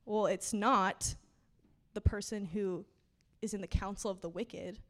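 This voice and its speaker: A young woman preaches in a relaxed, conversational way. Her voice sits at an ordinary pitch for a woman. She laughs often, fills her speech with little asides, and lets her emotion show. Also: measured pace. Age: 20s. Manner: chatty, filler-heavy, laughing and emotional. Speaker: preacher giving a testimony and teaching. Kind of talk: casual conversational sermon. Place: church service.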